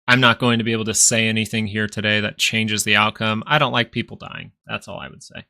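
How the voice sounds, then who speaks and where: A man's voice: fairly low pitch, fairly even intonation, quick pace, gravelly, pushed and bright. A man hosting a live stock market stream, chatting casually and rambling between chart talk and answers to viewers. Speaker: stock market livestream host.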